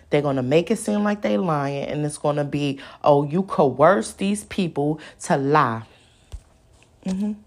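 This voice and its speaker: A woman's voice: sits low, vocal fry, a little mellow. A woman, telling a story in a blunt, profane rant and acting out other people's lines. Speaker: podcast host.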